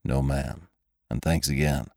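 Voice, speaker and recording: A man voicing a quiet, laconic cowboy gunman who speaks low and politely in a folksy drawl. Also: fairly even intonation, unhurried, gravelly, dry recording, clean studio sound, full character voice.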